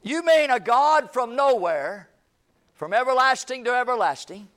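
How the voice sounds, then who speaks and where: A man preaching in a church, his voice sitting high and his delivery unhurried. He reads scripture in a measured cadence and swings from ringing declarations down to near-whispers. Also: expressive. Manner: preaching with dramatic pauses, swinging from loud to hushed; reads scripture aloud in a slow, deliberate cadence. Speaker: pastor. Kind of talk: sermon. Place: church sanctuary.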